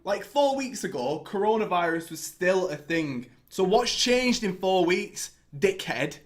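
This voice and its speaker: A man's voice: high voice, sing-song, measured pace, few pauses. A young man, ranting angrily and sarcastically about his football club, full of swearing. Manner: sweary, sarcastic, mocking impressions. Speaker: football fan vlogger. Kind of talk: angry ranting commentary.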